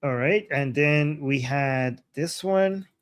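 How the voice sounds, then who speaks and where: A man hosting a casual live stream, reacting with excitement to protest videos and translating the chants for his viewers. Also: a little high, takes it slowly, dry recording. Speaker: political commentary host. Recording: loud background noise.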